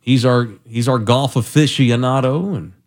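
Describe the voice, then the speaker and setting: A man hosting a sports radio show, bantering casually in a lively, joking, self-deprecating way. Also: mid-range voice, normal speed.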